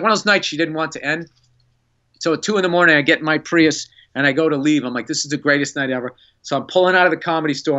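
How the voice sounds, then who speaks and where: A man, a comedian and podcast guest, telling an animated story in casual chat and acting out the quotes. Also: fairly high pitch, lo-fi sound. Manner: animated, excitable storyteller who acts out quotes.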